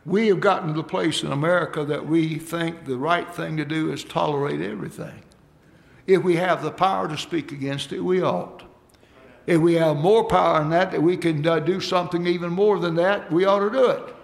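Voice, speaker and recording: A man's voice: fairly high pitch, fairly even intonation, moderate pace, gravelly. A man preaching a sermon, folksy and emphatic, calling out for amens from the congregation.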